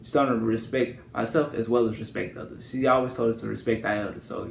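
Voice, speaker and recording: A man's voice: mid-range voice, fairly even intonation, fast, vocal fry, reverberant, a little hiss or hum. A young man from Louisiana with a country accent, telling stories to camera in a loose, rambling way. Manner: loose, rambling, repeats "and stuff". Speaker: vlogger. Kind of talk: casual storytelling to camera.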